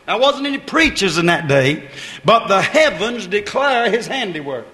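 Very animated and sharp in tone, a preacher with a high-sitting voice delivers his sermon at a normal pace, echoing through a reverberant hall. He builds emphasis by repeating phrases and calls out to the congregation.

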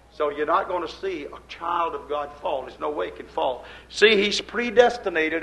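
A man preaching a fervent sermon, swinging between loud, urgent lines and quiet, low asides. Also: low-quality recording.

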